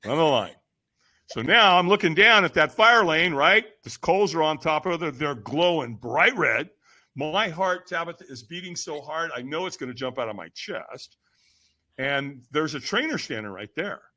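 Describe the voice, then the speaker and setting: Man, podcast guest, emphatic storyteller, bright forceful tone, very lively pitch. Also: moderate pace. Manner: lively, emphatic, acts out quotes with sudden shouts. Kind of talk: animated storytelling in conversation.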